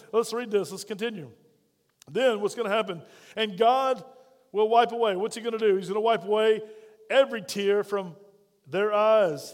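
A middle-aged pastor preaches with fervor, throwing questions out to his church. His voice sits high for a man, and a long reverb hangs in the hall around him. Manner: fervent, calls out questions to the congregation. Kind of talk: sermon.

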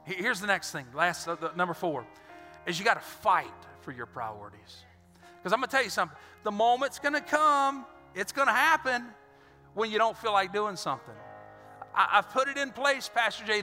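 A pastor preaching with lively energy, his voice fairly high and strikingly bright and sharp. He swings between punchy exhortation and dramatized scenes. The sound carries long reverb in a church hall with soft music beneath. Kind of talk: sermon.

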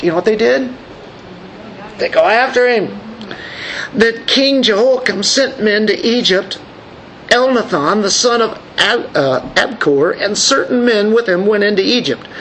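A man's voice: sits high, normal speed, fairly bright tone, a little hiss or hum, poor audio. A man preaching a sermon as a pastor. He reads scripture aloud and puts questions to his congregation.

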